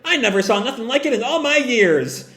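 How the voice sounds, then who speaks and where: A man voicing a small, excitable reindeer doctor who exclaims in amazement, read aloud from a comic. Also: very high voice, fairly quick, pitched above the performer's own voice. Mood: amazed. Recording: roomy echo.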